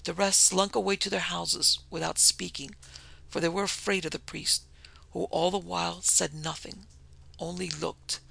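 A reader voicing a frightened woman missionary who recounts her ordeal in a hushed, earnest way, as in an audiobook. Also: medium pitch, little pitch movement, moderate pace, creaky, breathy edge, exaggerated voice, poor audio. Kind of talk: audiobook reading.

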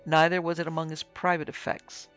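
A man narrating a classic story as an audiobook in a solemn, measured way, in a dry, dull lo-fi recording. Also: on the high side, monotone, a bit bright, clean tone, soft background music. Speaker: narrator and producer.

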